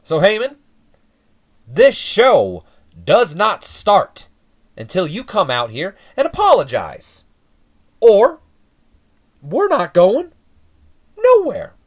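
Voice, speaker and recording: A man putting on a to play a belligerent male wrestling manager, shouting and ranting at a crowd. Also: high voice, wildly swooping pitch, slow pace, pauses often, voice pushed up, full character voice. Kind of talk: mock wrestling promo.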